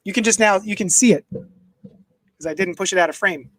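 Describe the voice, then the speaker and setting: A man's voice: high voice, normal speed, fairly bright tone, poor audio. A man casually chatting on a live stream from his home desk, rambling and reading viewer comments aloud into a desk microphone. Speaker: comics unboxing streamer.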